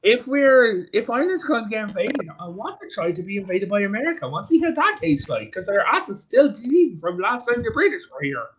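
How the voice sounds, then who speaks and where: A man with a high, bouncing voice jokes and pushes to get a word in. It is a loose podcast chat among friends. A faint hiss sits under the recording. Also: very animated, a little fast, hardly any pauses, a bit bright, muffled recording. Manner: joking, talks over others. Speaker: podcast panelist. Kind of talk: casual group chat.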